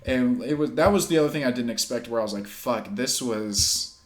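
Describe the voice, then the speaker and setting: A man's voice: mid-range voice, rapid-fire. A man, a pro fighter and podcast co-host, chatting casually and acting out quotes and laughing as he tells stories. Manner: animated storyteller who acts out quotes and laughs.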